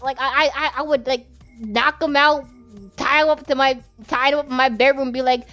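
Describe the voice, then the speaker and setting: A woman's voice: high-pitched, normal speed, a bit bright, lo-fi sound, soft background music. A woman giving an unscripted, emotional vlog monologue. She rambles, swears a lot and speaks with passion.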